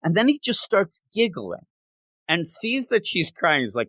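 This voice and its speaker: Lively, animated man hosting a podcast. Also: high voice, unhurried, no echo. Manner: animated, slips into quoting characters. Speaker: manga podcast host. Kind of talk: casual podcast review chat.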